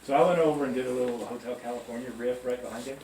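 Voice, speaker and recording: Addressing new staff in a large music store, a man gives a storytelling pep talk, telling chatty stories and checking in with his listeners. His medium-pitched voice races along with a darkish tone. He is picked up from far off in the echoey store, with slight background noise.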